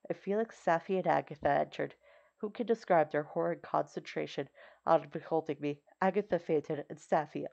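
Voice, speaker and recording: Woman reading an audiobook, low creaky voice, kinda muffled sound. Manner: steady, measured reading. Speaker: audiobook reader. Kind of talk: audiobook narration. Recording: slightly dull recording.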